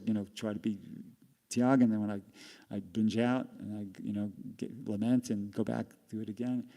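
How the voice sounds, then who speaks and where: A man's voice: on the low side, creaky, dark tone. An older man giving a class, telling a rambling personal story with laughs along the way. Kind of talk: storytelling talk. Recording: long hall reverb.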